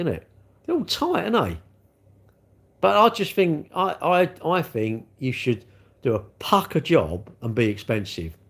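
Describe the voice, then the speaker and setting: Casting note: middle-aged bloke, casual livestream host, rambling and chatty. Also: male voice, mid-range voice. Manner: rambling, chatty, reads out viewer comments.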